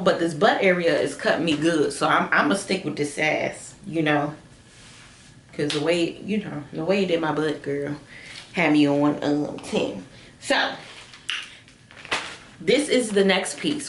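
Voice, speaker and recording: A young adult woman doing a casual shapewear try-on for her viewers, chatty and animated, calling them girl and y'all, often jumping into high excited squeals. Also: a little hiss or hum. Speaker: beauty vlogger reviewing shapewear. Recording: echoey room.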